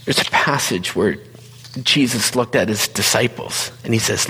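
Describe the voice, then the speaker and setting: A man, a pastor, giving an earnest, conversational sermon that often drops into hushed, whispered asides. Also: on the low side, moderate pace, slightly rough, big-room sound. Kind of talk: personal sermon talk.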